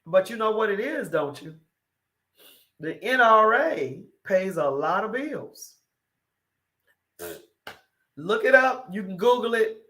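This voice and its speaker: A woman's voice: mid-range voice, fairly bright tone. A woman hosting a morning talk show, giving an opinionated monologue that is emphatic and repetitive, full of rhetorical questions.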